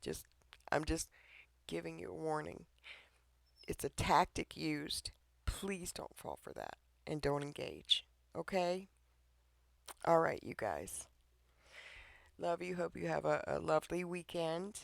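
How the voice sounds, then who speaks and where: Man, devotional preacher, earnest, pleading, gravelly voice, dry close recording. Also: fairly high pitch, sing-song, takes it slowly, long pauses, no echo. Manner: earnest, pleading, repeatedly checks in with the listener. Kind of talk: informal devotional talk.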